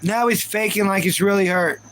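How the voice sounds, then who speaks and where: A man's voice: high-pitched, a little fast, a bit bright, poor audio. A man hosting a casual live stream, ranting in reaction and repeating himself while talking to his chat viewers. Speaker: livestream host.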